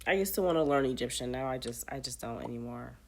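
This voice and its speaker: A woman's voice: rumbling low, fast, a little mellow, soft background music. A woman playing a trivia app, reading the questions aloud and muttering casual commentary to herself as she plays.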